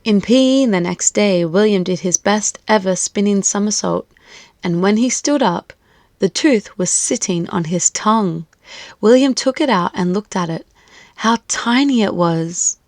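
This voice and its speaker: A woman reading a children's storybook aloud, clear, expressive and lilting. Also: medium pitch, unhurried, no room sound.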